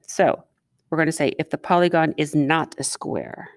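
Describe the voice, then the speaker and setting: Woman teacher, recorded math lesson, chatty, quizzes students as she writes, fairly low voice. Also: steady tone, moderate pace, no room sound, studio quality. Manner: chatty, asks students questions while writing.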